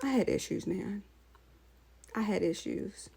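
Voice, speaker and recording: A woman hosting a casual opinion vlog, talking in an animated, sassy way and mocking characters in put-on voices. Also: mid-range voice, measured pace, vocal fry, breathy edge. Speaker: channel host.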